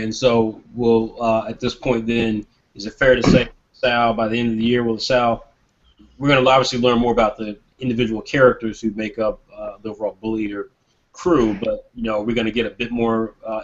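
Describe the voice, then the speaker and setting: A man's voice: fairly low pitch, flat delivery, fairly quick. A man hosting a live online Q&A over a video call, making rambling announcements with filler sounds. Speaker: host. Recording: dull lo-fi call audio.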